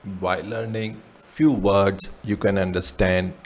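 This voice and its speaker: A man teaching a beginner French lesson, repeating each word slowly with its meaning. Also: low voice, flat delivery, a little mellow. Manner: slow, repeats words with translations. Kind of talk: slow beginner language lesson.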